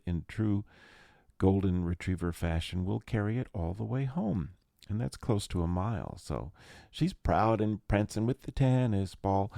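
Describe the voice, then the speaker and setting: A man's voice: low voice, gravelly, mellow, no echo, clean studio sound. A man hosting a podcast, rambling through a casual comic monologue full of jokey, self-mocking asides. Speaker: podcast host.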